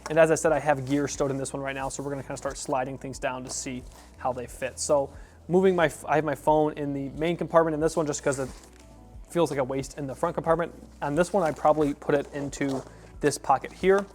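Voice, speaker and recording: A man's voice: on the high side, fast, faint music behind. A man giving a casual, rambling gear review, with fillers and self-corrections as he shows bags. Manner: relaxed, rambling, with fillers and restarts.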